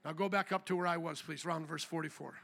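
A man's voice: a little high, fairly even intonation, fast, vocal fry, bright, forceful tone. A man preaching a sermon as pastor, emphatic and asking the congregation questions.

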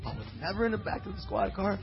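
A man preaching a sermon as pastor, reading scripture slowly and telling personal stories full of fillers and quoted voices. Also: high-pitched, gravelly, dull audio. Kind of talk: sermon with storytelling.

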